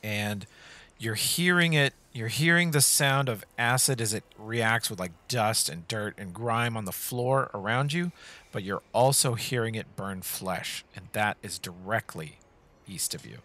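A man's voice: lowish voice, unhurried, sharp tone. A man running a tabletop game as game master, giving vivid descriptive narration and calling for dice rolls.

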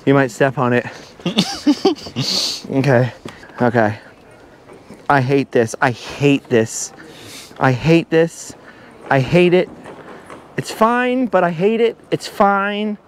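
A middle-aged man vlogging outdoors from a high forest walkway, nervous and breathless, laughing at himself and repeating his worries. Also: lively intonation, slow, pauses often, slight background noise. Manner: jittery and self-mocking, laughs often, repeats himself. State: breathless from nerves. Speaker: travel vlogger. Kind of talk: nervous chatter to camera while walking a treetop trail.

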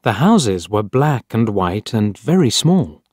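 A man reading a simple story aloud as narrator, clear and deliberate. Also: fairly low pitch, sing-song, a little mellow, no room sound, studio quality. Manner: clear, deliberate graded-reader delivery.

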